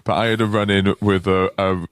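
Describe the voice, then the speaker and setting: A man's voice: lowish voice, flat delivery, a little fast, smooth, no room sound, clean studio sound. A man co-hosting a comedy podcast, telling a self-mocking anecdote in a wry way. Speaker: podcast co-host. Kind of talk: casual comedy podcast chat.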